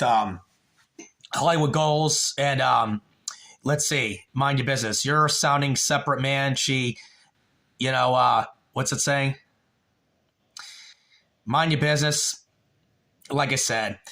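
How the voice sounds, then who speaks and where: Gravelly, bright-voiced man ranting on a livestream. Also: medium pitch, slow pace, pauses often. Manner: rambling, emotional, profane, talks to a viewer by name. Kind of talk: emotional livestream monologue. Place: home.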